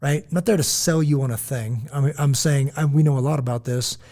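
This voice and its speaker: Mellow-voiced man telling stories on a podcast. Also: mid-range voice, brisk. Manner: animated, rambling storyteller with frequent "right?". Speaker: podcast co-host. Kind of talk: casual podcast storytelling.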